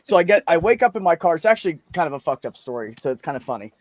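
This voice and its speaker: A man's voice: fairly high pitch, sing-song, rapid-fire, no room sound. A man in a casual podcast chat, telling a long story in a rambling, profane way. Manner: profane, rambling storyteller acting out his own lines. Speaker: podcast host.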